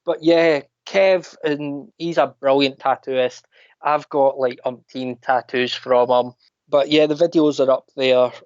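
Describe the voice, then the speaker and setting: A man with a Scottish accent, a podcast guest telling animated anecdotes in casual chat. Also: medium pitch, a little slow, clean tone, no echo. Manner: animated anecdotes, mimics other people's voices. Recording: dull lo-fi dry sound.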